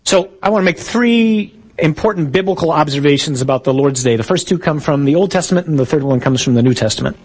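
A man's voice: a little high, animated, fast talker, a little mellow, husky, low-quality recording. A man, a priest, giving a conversational sermon with jokey asides and told stories.

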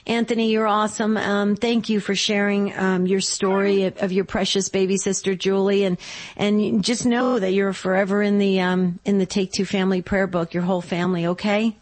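A woman's voice: medium pitch, flat delivery, moderate pace. Encouraging woman radio host. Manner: warm encouraging, affirming. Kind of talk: call-in radio hosting.

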